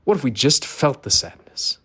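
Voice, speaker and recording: A man's voice: medium pitch, sing-song, moderate pace, bright, forceful tone, husky. A middle-aged man giving an earnest, emphatic monologue, asking rhetorical questions. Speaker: vlogger. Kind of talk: personal monologue.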